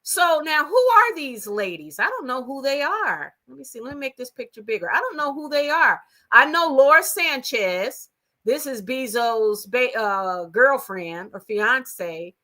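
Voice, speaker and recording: Bright-sounding lady host, chatty gossip stream from her room at home. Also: high voice, sing-song, measured pace. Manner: chatty and gossipy, talks straight to viewers. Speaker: livestream host. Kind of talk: casual gossip chat.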